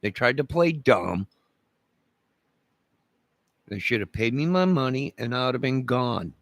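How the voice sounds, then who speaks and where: A man's voice: medium pitch, animated, a little slow, a bit bright, no echo. A man delivering an angry, profane, repetitive rant to camera, making demands over and over. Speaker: vlogger.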